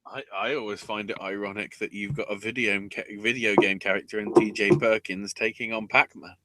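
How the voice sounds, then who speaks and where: A man's voice: on the low side, steady tone, fairly quick, pushed and bright, slight background noise. A man co-hosting a wrestling podcast, recapping matches in a sarcastic, sweary, casual way. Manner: sarcastic, swears freely, breaks into goofy voices.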